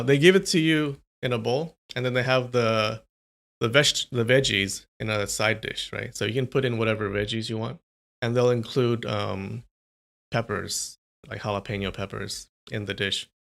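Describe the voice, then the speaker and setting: A man's voice: medium pitch, gravelly, a bit bright. A young man chatting casually on a live stream, rambling and answering viewers' comments.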